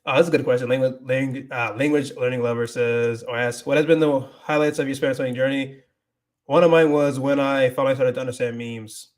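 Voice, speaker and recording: A man's voice: mid-range voice, fairly even intonation, a little fast. A man hosting a casual livestream, rambling with many restarts, switching between English and Spanish and reading viewer comments aloud. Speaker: livestream host.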